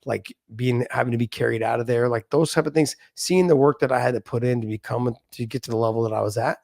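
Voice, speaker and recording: Talking fast in a steady, medium-pitched voice that's creaky and a little mellow, a middle-aged man shares his views earnestly with everyday examples. He's a former fighter guesting on a podcast for a casual conversation, recorded in a clean studio with no echo.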